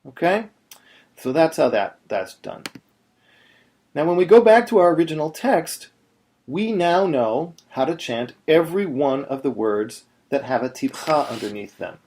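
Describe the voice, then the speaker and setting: A man teaching Torah chanting in a video lesson, explaining step by step and chanting slow demonstrations. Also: fairly high pitch, lively intonation, darkish tone.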